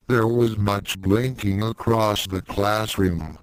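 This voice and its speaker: A man narrating a fan fiction story in a calm, measured reading. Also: lowish voice, clean tone, no echo, low-quality recording.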